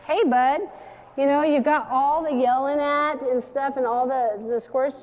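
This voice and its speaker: A woman's voice: high-pitched, fairly even intonation, a little slow, darkish tone, lo-fi sound. A woman dog trainer leading a hands-on class, giving direct instructions and coaxing the dogs in a sing-song. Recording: long hall reverb.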